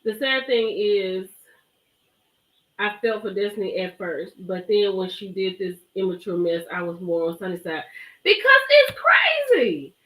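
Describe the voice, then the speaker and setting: This woman speaks in a mid-range voice at a moderate pace, hosting a live stream where she gossips emphatically about a reality show. Animated and chatty, she greets her viewers. The sound carries a roomy echo.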